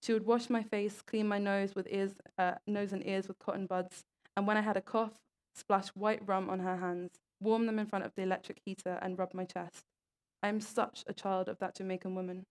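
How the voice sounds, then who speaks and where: A woman's voice: medium pitch, level tone, moderate pace, darkish tone, smooth. A young woman giving a talk at an event, reading stories aloud in an earnest way and tripping over a word now and then. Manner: earnest, with small stumbles and restarts. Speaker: speaker at an event.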